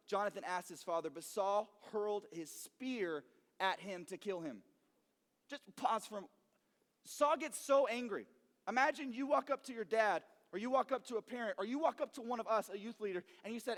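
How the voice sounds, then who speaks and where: A young man preaching a youth sermon, telling stories with acted-out voices and sudden shouts. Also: extremely high pitch, brisk. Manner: animated, acts out voices, shouts for effect. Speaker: youth pastor. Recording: long hall reverb.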